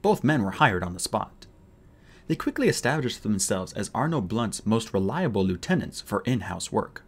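A man reading an audiobook aloud in an expressive narrating style. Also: fairly low pitch, moderate pace. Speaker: audiobook reader.

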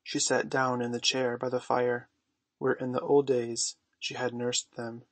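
A man narrating a storybook in a measured, gentle way. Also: mid-range voice, level tone, no room sound. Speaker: audiobook narrator.

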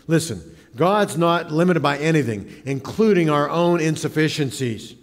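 Male pastor with a slightly high voice, dramatic and animated sermon delivery, recorded in a reverberant church hall. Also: normal speed. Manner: dramatic, acts out quoted voices. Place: church sanctuary.

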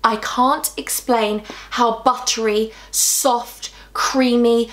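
A woman's voice: fairly high pitch, slow pace. Gushing young woman beauty vlogger. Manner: gushing, excitable, self-deprecating. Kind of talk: casual chat.

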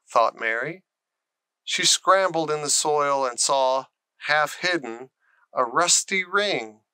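A man reading a children's storybook aloud, careful and deliberate with small slips, on a close mic. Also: on the high side, pushed and bright, smooth, no room sound. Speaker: audiobook narrator.

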